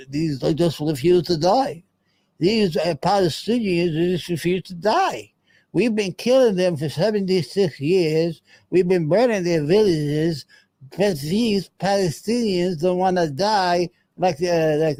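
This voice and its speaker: A man's voice: high-pitched, dark tone, no room sound. A man hosting a show, giving heated, profane, rambling commentary on a news clip. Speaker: show host.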